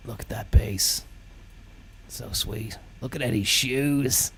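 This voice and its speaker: A man, telling rambling deadpan comic stories full of swearing and trailing mumbles. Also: mid-range voice, slow pace, slight background noise. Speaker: comedian.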